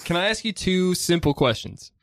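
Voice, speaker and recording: Deadpan male straight man, lively pitch, close dry mic. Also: moderate pace, no room sound. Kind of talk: casual comedy banter. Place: studio.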